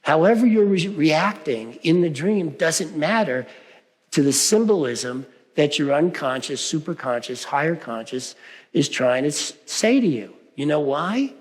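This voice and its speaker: Lively high-voiced reverend in a hall. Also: male voice, measured pace. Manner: conversational, frequent "right?" asides. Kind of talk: sermon.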